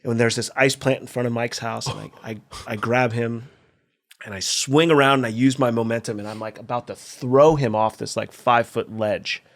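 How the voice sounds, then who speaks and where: A man's voice: medium pitch, steady tone, moderate pace. A middle-aged man from California, a skate video filmer, telling a story casually in a podcast interview, profane and acting out the voices of the people he quotes.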